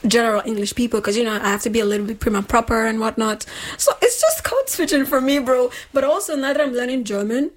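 A woman's voice: on the high side, fast talker, few pauses. Laughing young woman, casual chat. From Nigeria. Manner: animated, laughs often, says "bro" and "you know what I mean".

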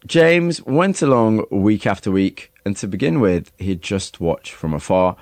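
A male interviewer and narrator with a low, expressive voice that moves through a wide range. The recording is dry and close, with no room sound. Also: measured pace, no room sound. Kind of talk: interview questions and scripted narration.

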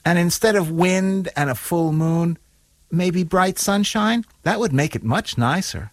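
An actor playing a stubborn character in a story who questions and defies the narrator. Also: male voice, high voice, measured pace, no room sound. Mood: cheeky. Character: cheeky defiant story character.

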